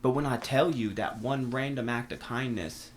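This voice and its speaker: A young man on a podcast, telling stories in an animated, slangy way with lots of swearing. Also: medium pitch, moderate pace, a little hiss or hum. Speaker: podcast guest. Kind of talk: casual conversation.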